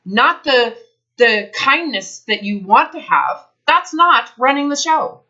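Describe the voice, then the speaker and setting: A woman's voice: fairly high pitch, big pitch swings, slow, pushed and bright. A woman health advisor in a counseling session, talking bluntly and emphatically, swearing freely. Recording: dull lo-fi recording.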